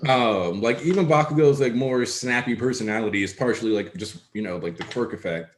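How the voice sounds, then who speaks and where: A man's voice: mid-range voice, brisk, a little hiss or hum. A man co-hosting a casual discussion, explaining his points at length in an analytical way. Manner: analytical, talks in long explanations. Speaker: co-host. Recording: echoey room.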